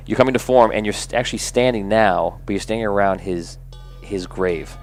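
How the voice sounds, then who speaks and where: A man's voice: fairly low pitch, brisk, faint music behind. A man narrating a tabletop game as game master, rambling with lots of fillers. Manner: rambling, filler-heavy, laughing.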